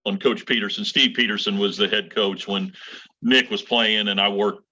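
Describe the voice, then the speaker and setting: A man's voice: on the low side, steady tone, moderate pace, bright, forceful tone, dull audio. A middle-aged man, a college baseball coach, telling stories in casual chat with many restarts. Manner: rambling, many restarts and fillers.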